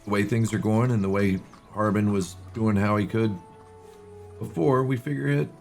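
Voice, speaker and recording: A man narrating a tabletop game as game master in a relaxed way, with many fillers. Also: on the low side, moderate pace, gravelly, soft background music.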